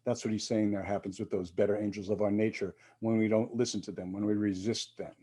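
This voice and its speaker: A man's voice: lowish voice, little pitch movement, fast, mellow, husky. A male minister giving a reflective sermon, with quoted readings and casual asides.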